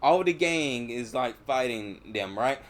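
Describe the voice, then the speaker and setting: A man's voice: medium pitch, animated, unhurried. A man hosting a casual movie review podcast, retelling scenes loosely and swearing freely. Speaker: podcast host.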